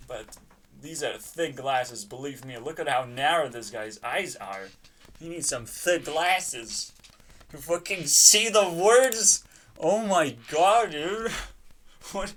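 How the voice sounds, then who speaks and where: A man's voice: a little high, a bit bright, a little hiss or hum. A man giving a profane, mocking reaction commentary, ranting and laughing often. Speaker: channel host reacting to a video.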